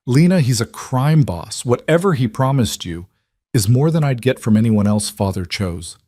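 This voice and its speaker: A man's voice: mid-range voice, lively intonation, normal speed, mellow, dry recording, clean studio sound, pitched above the performer's own voice, lightly acted. A man voicing a frightened, pleading younger sister in a spoken story. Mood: desperate. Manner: pleading, breaking. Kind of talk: audiobook storytelling.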